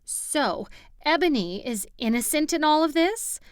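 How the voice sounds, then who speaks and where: A woman's voice: sits high, unhurried, dry recording, studio quality, pitched above the performer's own voice. A woman narrator voicing an anxious, talkative young woman friend in an audiobook. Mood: excited. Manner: talks endlessly, excitable. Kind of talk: audiobook character voice.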